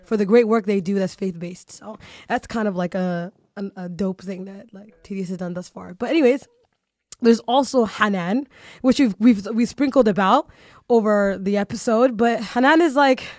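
A woman's voice: mid-range voice, normal speed, a little mellow, dry recording, clean studio sound. A woman hosting a podcast, chatting casually and animatedly, with lots of "you know" and "like" fillers. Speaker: podcast host.

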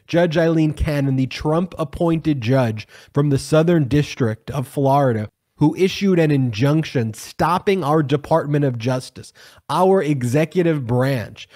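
Angry guy ranting about politics, hits every word hard, mid-pitched voice. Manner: angry, forceful, emphatic, drawn-out stresses. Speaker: political commentary host. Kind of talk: impassioned political commentary.

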